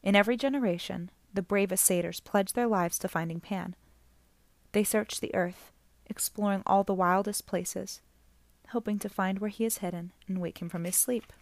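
A woman's voice: mid-range voice, fairly even intonation, moderate pace, no echo. A woman narrating an audiobook chapter, reading the dialogue without separate character voices.

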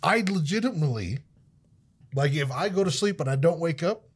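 A man in casual chat, ranting with profanity and sudden loud outbursts. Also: fairly high pitch, expressive, fairly quick, breathy edge.

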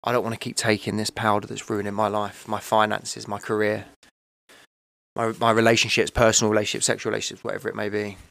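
A man talks through a hard personal story. His voice sits low, with a gravelly, fry-edged texture. It is recorded close and dry, and he rambles candidly and emotionally, leaning on "you know" and "right?". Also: completely flat delivery, quick pace, a bit bright, no echo. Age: 30s. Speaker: podcast guest.

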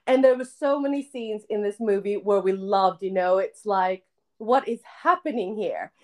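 A woman's voice: mid-range voice, steady tone, moderate pace, darkish tone. A young woman hosting a casual podcast chat, giggly and chatty with lots of fillers. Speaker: podcast host.

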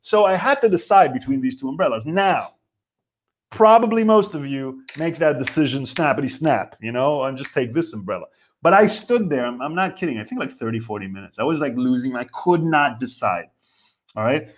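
Man, thirties, from Israel, comedy host, rambling profane rant, swooping lively pitch. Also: fairly quick, a little hiss or hum.

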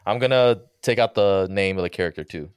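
A man's voice: low-pitched, fairly quick, clean tone, no echo, clean studio sound. A man co-hosting a casual chat about movies, joking and swearing freely.

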